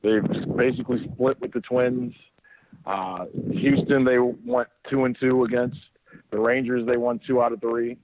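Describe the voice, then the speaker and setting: A man's voice: medium pitch, fairly even intonation, unhurried. A man co-hosting a podcast, telling loose stories in casual sports chat. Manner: loose storytelling with laughs. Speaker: podcast co-host. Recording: tinny phone line.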